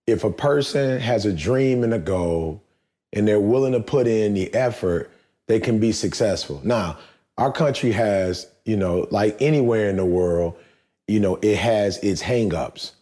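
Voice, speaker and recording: A man's voice: on the low side, unhurried, mellow. A man hosting a podcast, talking in an emphatic, preachy way and repeating phrases for stress. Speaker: podcast host. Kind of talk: casual podcast chat.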